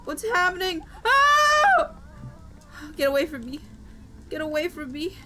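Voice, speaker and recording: A woman's voice: high voice, a little fast, heavy background noise. A woman streaming gameplay with friends, talking in a dramatic, playful way and breaking into mock-panicked shrieks and wails.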